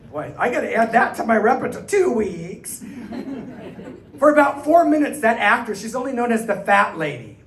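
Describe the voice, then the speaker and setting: A middle-aged man, a cabaret performer, telling an animated anecdote to a live audience and acting out the people in it. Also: fairly high pitch, distant mic. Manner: animated, chatty, acts out the people in his stories. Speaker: cabaret singer and storyteller. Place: small arts venue stage, live audience. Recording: roomy live stage sound, faint room noise.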